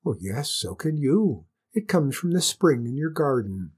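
A narrator doing a calm, polite magic hare. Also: medium pitch, unhurried, slightly rough. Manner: mild and reasonable.

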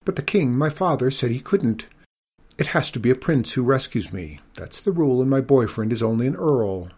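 A man voicing a shrill, chatty young princess in a storybook reading, pitched up and quick. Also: expressive, darkish tone, breathy edge. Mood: explaining.

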